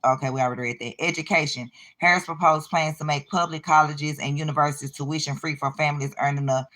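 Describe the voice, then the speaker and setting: A woman's voice: deep voice, steady tone, fast talker, fairly bright tone. A woman hosting a reaction video, reading items aloud and answering clips with sarcastic remarks. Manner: sarcastic, talks back to the clips. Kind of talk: casual commentary on news clips.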